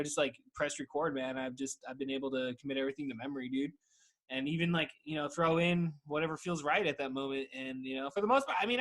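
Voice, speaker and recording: A man's voice: on the high side, sharp tone. A young man hosting a podcast, rambling casually with lots of swearing and "dude". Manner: rambling, profane, says "dude" constantly. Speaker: podcast host. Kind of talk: casual chat.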